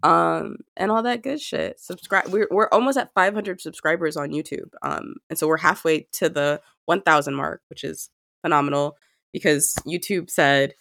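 Hoarse young woman with gravelly fry. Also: deep voice, normal speed, a bit bright, no echo. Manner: profane, joking, laughs often. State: hoarse from a cold. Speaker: podcast co-host. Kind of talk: casual podcast chat.

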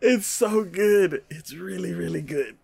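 A man co-hosting a casual chat, retelling an episode with frequent laughter and quick acted-out lines. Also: sits high, creaky, slightly rough, no echo. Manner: animated retelling, laughs often, acts out scenes in quick voices. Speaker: podcast co-host reviewing anime.

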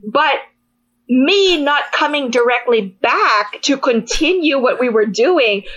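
Animated high-pitched woman. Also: slow pace, dull audio. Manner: animated storytelling, squealing and laughing often. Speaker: podcast co-host. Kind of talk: casual chat.

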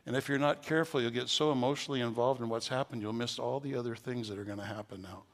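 Gravelly-voiced man preaching a sermon. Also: medium pitch, fast. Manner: storytelling, growing loud and excited at the climax. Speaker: pastor.

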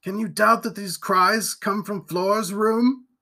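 A man reading aloud and voicing a bold middle-aged man who gives urgent, shouted orders. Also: high voice, steady tone, a little slow, pitched above the performer's own voice, exaggerated voice.

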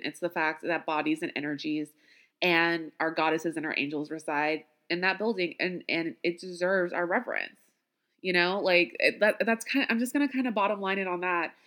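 A woman's voice: on the low side, a bit bright. A woman hosting a podcast in casual chat, talking freely with self-deprecating asides and frequent laughs. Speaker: podcast host.

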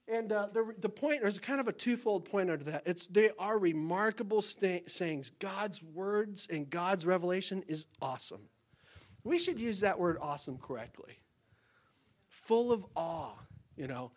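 A man preaching a sermon with lively, exclamatory delivery, acting out little dialogues as he explains scripture. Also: high voice, moderate pace. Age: adult parent. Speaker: pastor.

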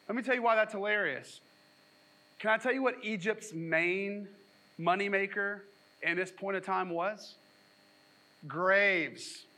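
A man's voice: sits high, bright, forceful tone, rough recording. A man preaching a sermon in a casual, jokey way, slipping into sarcastic voices when he quotes people. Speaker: pastor.

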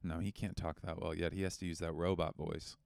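A man's voice: sits low, level tone, brisk, vocal fry, a little mellow, no room sound, clean studio sound. A man co-hosting a comedy podcast, rambling and joking with plenty of swearing. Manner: rambling, profane, riffing. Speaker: podcast co-host. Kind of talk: casual comedic chat.

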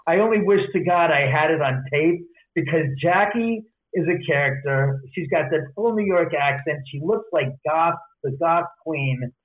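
A man's voice: on the high side, moderate pace. Chatty man on a tinny phone line. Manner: animated, acts out quoted voices. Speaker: author and guest. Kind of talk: casual storytelling interview.

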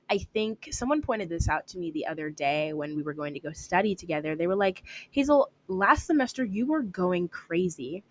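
A woman's voice: lowish voice, a bit bright. A young woman hosting her own podcast, talking casually and upbeat, with lots of "like" fillers. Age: young adult. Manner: chatty and upbeat, with frequent "like" fillers. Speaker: podcast host. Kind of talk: casual solo podcast talk.

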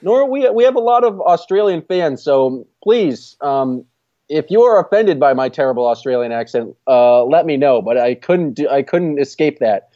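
A man co-hosting a casual sports podcast, talking in a relaxed, easygoing way with frequent pauses to think. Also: fairly high pitch, no echo, lo-fi sound. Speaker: podcast co-host.

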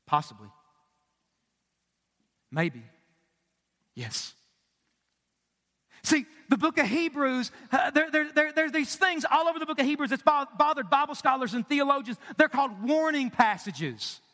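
A man in his thirties preaching with a strikingly high, bright, forceful voice. He presses his points with rhetorical questions and sudden hushed drops. The sound rings with the long reverb of a large hall. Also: big pitch swings, measured pace, pauses often. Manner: emphatic, asks the congregation questions, drops to quiet for emphasis. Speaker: pastor. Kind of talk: sermon.

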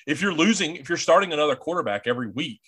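A man's voice: on the high side, animated, very fast, fairly bright tone, breathy edge. A man hosting a podcast, talking casually with many restarts and a deferential tone. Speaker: podcast host.

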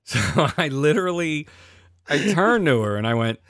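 A man telling a profane story in casual chat, animated, his voice swinging between loud outbursts and quiet asides. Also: on the high side, moderate pace, dry recording, studio quality.

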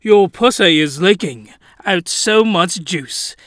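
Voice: mid-range voice, expressive, slow, a bit bright. A player voicing a smug, pushy grown man with a put-on Southern drawl, reading an adult visual novel aloud. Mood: taunting.

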